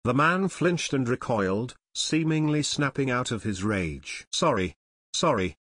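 A man reading his children's fantasy book aloud with steady storytelling. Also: mid-range voice, measured pace, no room sound, studio quality. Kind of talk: audiobook narration.

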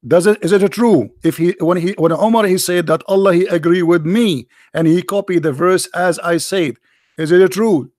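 A man's voice: high-pitched, moderate pace, a little mellow, no room sound, studio quality. A man hosting a heated live call-in debate, combative and interrupting, repeating his points insistently and losing his voice. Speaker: livestream debate host.

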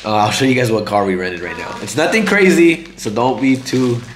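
A man with a hoarse, failing voice, talking to viewers in a laid-back, slangy car vlog, saying bro and guys a lot. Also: mid-range voice, animated, fairly quick, roomy sound. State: hoarse, losing his voice. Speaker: car vlogger. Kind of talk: casual vlog chat.

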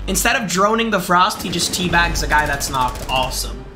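A young man streaming a game live, talking to his chat in an excitable, shouty way. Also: a little high, normal speed, over music. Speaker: gaming streamer.

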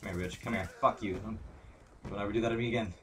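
A young man giving live commentary over a shooter match, muttering play-by-play, swearing constantly and breaking into angry shouts. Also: on the low side, steady tone, fast, slight background noise. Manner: mutters play-by-play under his breath. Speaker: gaming commentator.

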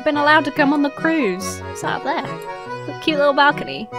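A woman's voice: high-pitched, animated, normal speed, over music. A young British woman giving playful, sarcastic commentary while playing a children's game. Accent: British English. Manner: giggly, sarcastic asides. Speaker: let's-play host.

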